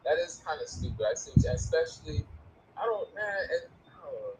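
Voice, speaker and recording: A man in casual chat, reacting with loud exclamations. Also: on the high side, very animated, brisk, heavy background noise.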